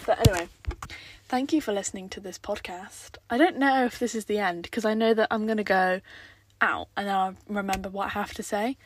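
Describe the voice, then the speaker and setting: A woman's voice: medium pitch, moderate pace, a little hiss or hum. A young woman hosting her own podcast, rambling through casual, self-mocking chat about her day. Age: young adult. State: croaky throat; a bit out of breath. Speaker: podcast host.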